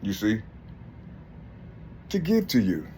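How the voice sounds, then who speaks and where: Rambling, laughing man, lively pitch. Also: slow pace, slight background noise. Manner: rambling, laughs often, repeats "listen" and "you see"; addresses an unseen listener as if arguing. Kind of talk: casual spoken monologue.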